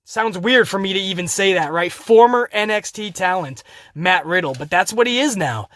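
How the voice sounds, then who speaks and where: High-pitched, loose, profane male podcast host, animated and laughing, recorded dry. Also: moderate pace, no echo. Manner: animated, laughing, profane, addresses listeners as guys. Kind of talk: wrestling recap podcast.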